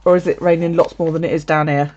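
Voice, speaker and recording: A female video creator from the UK has a deep, slightly mellow voice with fairly even intonation, and she talks quickly. Chatting casually to her viewers at home, she curses freely and laughs often over a dull, lo-fi recording.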